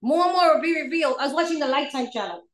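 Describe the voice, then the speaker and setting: Woman, recovery share, candid storyteller with ready laughter, high pitch, echoey room. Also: lively intonation, racing. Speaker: speaker sharing at a recovery meeting. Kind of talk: personal recovery testimony.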